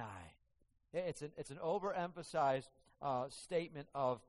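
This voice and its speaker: A man preaching a sermon, earnest and halting, often restarting his words, heard with long hall reverb in a church. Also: mid-range voice.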